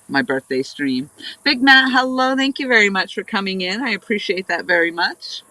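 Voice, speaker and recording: A woman's voice: medium pitch, pushed and bright, no room sound, rough recording. Rambling nasal-sounding woman streaming chat. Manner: rambling, chatty, laughs often. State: stuffy, nasal from blocked sinuses. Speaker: fishing livestream host. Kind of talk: casual live-stream chat. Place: outdoors by a river.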